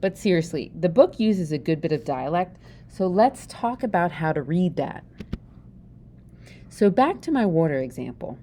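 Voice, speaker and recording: A woman's voice: on the low side, sing-song, normal speed, dark tone, a little hiss or hum. A woman with a Pennsylvania Dutch accent giving a chatty, joking lesson and often asking the listener questions. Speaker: teacher. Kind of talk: informal video lesson.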